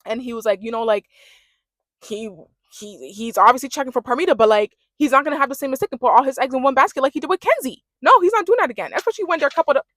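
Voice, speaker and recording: A woman's voice: high-pitched, animated, fast, a bit bright, no echo, studio quality. A young woman giving a casual, sassy rant recapping a reality dating show and mimicking the cast as she goes.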